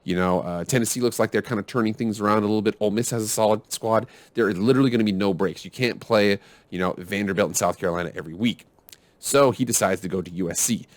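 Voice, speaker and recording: A man's voice: lowish voice, fast talker, dry recording. A man hosting a casual sports commentary video, rambling and arguing back and forth with himself. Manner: rambling, self-arguing, restarts often.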